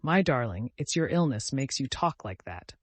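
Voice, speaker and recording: A man's voice: medium pitch, big pitch swings, normal speed, no echo. A man voicing an anxious, doting mother who pleads with worry, in an audiobook. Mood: pleading. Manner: pleading, worried. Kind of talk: audiobook character voice.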